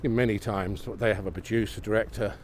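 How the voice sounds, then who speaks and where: Man, lowish voice, enthusiastic live-stream walker, phone mic outdoors with faint street ambience. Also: steady tone, fast talker, a little hiss or hum. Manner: exclamatory, gently enthusiastic, often asks viewers questions. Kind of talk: chatty live walk narration to viewers. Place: outdoors on a snowy, windy city street at night. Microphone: iPhone on a gimbal.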